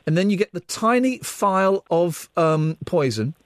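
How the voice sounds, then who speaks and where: A man's voice: high-pitched, lively intonation, measured pace, no room sound, studio quality. A middle-aged man hosting a radio phone-in, rambling and playful, full of jokes. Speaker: radio host.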